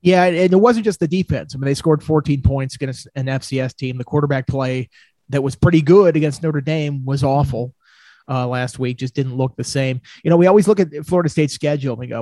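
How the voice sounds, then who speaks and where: A man co-hosting a casual college football talk show, reacting with lively disbelief. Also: medium pitch, fairly quick, dry recording. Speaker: co-host, college football reporter.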